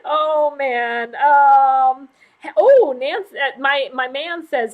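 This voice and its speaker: A woman's voice: high-pitched, drawn-out words. A middle-aged woman from the United States hosting a casual livestream, reading out viewer comments in a gushing, emotional way and laughing often. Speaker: livestream host.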